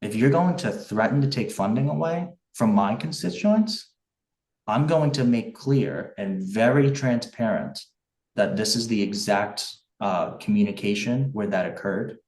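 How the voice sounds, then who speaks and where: Earnest candidate guy, lowish voice, lots of restarts, echoey room. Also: measured pace, a little mellow, far from the mic. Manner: earnest, impassioned, many restarts and fillers. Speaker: write-in congressional candidate. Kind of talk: interview answers.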